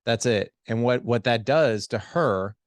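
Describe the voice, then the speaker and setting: A middle-aged man on a podcast as a guest, coaching on marriage skills in a lively conversational way and acting out quoted dialogue. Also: medium pitch, a little slow, no room sound. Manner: animated, acts out quoted dialogue. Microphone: studio headset.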